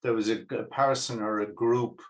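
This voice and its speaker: A man from Ireland taking part in an online discussion, speaking thoughtfully with some pauses. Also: medium pitch, steady tone. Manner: thoughtful, reflective. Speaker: participant.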